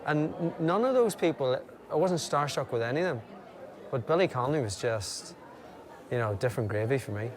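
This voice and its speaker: A man telling animated anecdotes in casual chat, slipping into impressions and laughter. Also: mid-range voice, a little fast, crowd noise. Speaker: guest.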